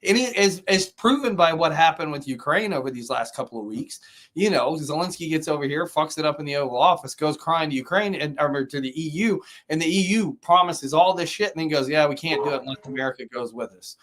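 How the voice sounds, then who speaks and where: A man's voice: fairly high pitch, animated, brisk, fairly bright tone. A man co-hosting a live-streamed talk show, ranting profanely and telling a story with mocking quotes. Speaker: podcast co-host. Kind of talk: heated casual rant. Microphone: live stream, remote or studio mic.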